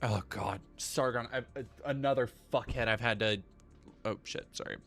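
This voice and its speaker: Male streamer, bright voice, profane rambling chat, faint music under it. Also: medium pitch, normal speed, gravelly. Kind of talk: casual livestream chat.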